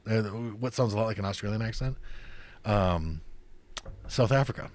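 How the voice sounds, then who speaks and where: A man's voice: lowish voice, normal speed. A man co-hosting a podcast in casual chat, rambling with many fillers and frequent swearing. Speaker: podcast co-host.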